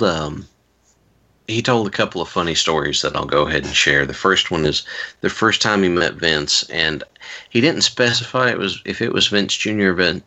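Very deep gravelly man telling stories. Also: bright, forceful tone. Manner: rambling, self-interrupting, wry asides. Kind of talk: casual storytelling chat.

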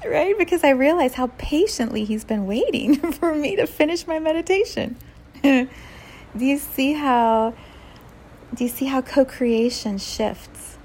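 Soft-spoken woman with a gravelly edge. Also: a little high, slight background noise. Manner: soft, unhurried, laughs often; drops to a whisper at times. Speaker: spiritual teacher. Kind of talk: spiritual talk to listeners.

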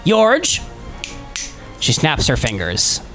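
A man's voice: sits high, expressive, slow, a bit bright, soft background music. A man narrating as game master in a dramatic storytelling manner.

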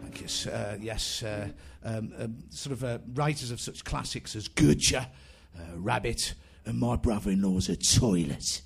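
A man doing dry, hesitant stand-up on a club stage, full of uhs and deadpan asides. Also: lowish voice, normal speed, gravelly, hardly any pauses, husky, soft background music. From Liverpool, England. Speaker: comedian and musician. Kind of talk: live stand-up comedy.

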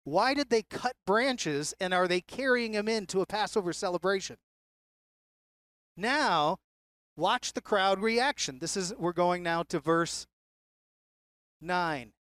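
A Bible teacher talks a class through a passage in an easy, conversational way. The voice sits at a middle pitch and keeps pulling listeners in with rhetorical questions. The recording is dry, with little room sound. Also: expressive, slow, long pauses, fairly bright tone, smooth, dry recording.

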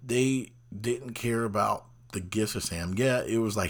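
A man's voice: medium pitch, measured pace, breathy edge. A man hosting a casual motivational talk, rambling conversationally and acting out little quoted exchanges. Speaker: host.

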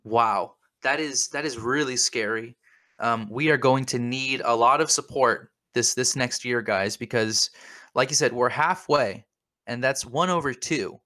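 A man's voice: mid-range voice, unhurried, pushed and bright, no echo, clean studio sound. A man co-hosting a comedic podcast, rambling in a mock-earnest way and repeating his words. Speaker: podcast co-host.

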